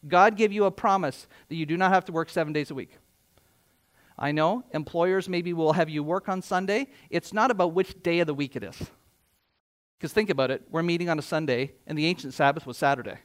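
In a church, a middle-aged pastor with a notably high-pitched voice preaches a sermon at a fairly quick pace. His delivery is conversational but he presses his points hard, often putting rhetorical questions to the congregation.

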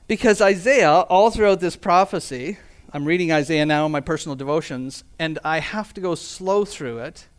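A man's voice: a little high, normal speed, smooth. A man preaching a sermon as pastor, earnest and emphatic, reading scripture aloud and asking rhetorical questions. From Canada.

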